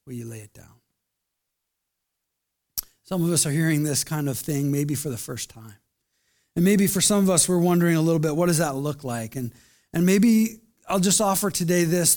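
Earnest pastor, soft hushed pleading. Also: male voice, a little high. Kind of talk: sermon and closing prayer. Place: church service.

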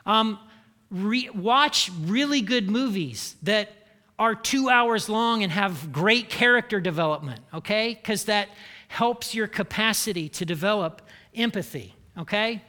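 A man from Indiana delivers a sermon and talks to the room as if in conversation, often tagging lines with "okay?" and "right?". His voice sits high and sounds bright and forward. It rings out with a long echo from a large hall. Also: expressive, a little slow. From Indiana, United States. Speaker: preacher.

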